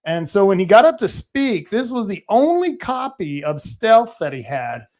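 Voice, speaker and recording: Animated rambling podcast host, man. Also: high voice, normal speed. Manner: rambling, animated storytelling with many fillers and restarts. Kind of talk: casual monologue.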